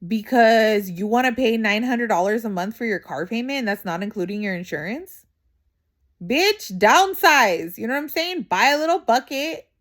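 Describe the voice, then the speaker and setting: Animated and brisk, a young adult woman with a slightly high voice vents to the camera in a casual vlog monologue. Her talk is blunt, profane, and slang-filled, dotted with constant "you know what I'm saying" asides.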